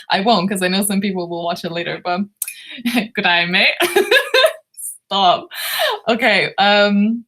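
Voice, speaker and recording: A woman from Lithuania with a hoarse, worn-out voice, hosting a book club live stream and chatting through viewer comments in a drowsy, giggly, rambling way. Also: mid-range voice, fairly bright tone. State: hoarse, losing her voice.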